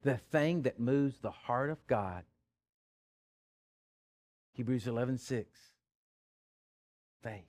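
A man preaching a sermon in an animated way, with big swings in pitch, stammered repeats and chuckles. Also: takes it slowly, pauses often.

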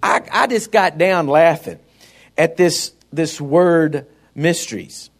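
A man's voice: a little high, slow pace. A man preaching a sermon in a folksy, conversational way, often turning to the congregation with asides.

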